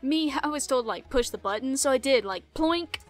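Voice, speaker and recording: A woman's voice: sits high, lively intonation, moderate pace, faint music behind. A woman voicing a smug male villain grunt in a put-on British accent.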